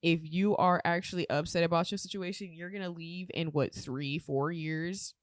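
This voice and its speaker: A woman's voice: lowish voice, moderate pace, dry recording. Young woman podcast cohost, casual and swears a lot, gets dramatic, dry close sound. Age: 20s. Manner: animated, profane, dramatic retelling. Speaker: podcast co-host. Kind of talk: casual chat.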